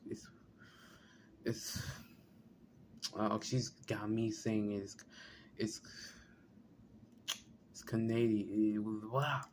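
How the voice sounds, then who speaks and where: A man's voice: fairly low pitch, level tone, extremely slow, pauses often, slight background noise. A man reacting to a video in casual commentary, blunt and swearing, often stumbling over his words.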